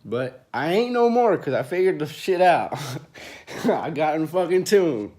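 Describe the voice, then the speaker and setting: A man's voice: a little high, sing-song, unhurried. Profane rambling man venting. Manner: profane, rambling, restarts a lot, swings between loud rants and mumbling. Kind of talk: casual venting monologue to camera. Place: small room indoors.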